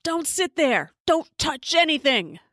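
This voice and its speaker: A woman's voice: sits high, big pitch swings, unhurried, fairly bright tone, no echo, pitched above the performer's own voice, full character voice. A woman voicing a pushy, self-important man who bosses others around at an escape room, in a dry recording. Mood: bossy. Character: pushy know-it-all man, bossy escape-room competitor.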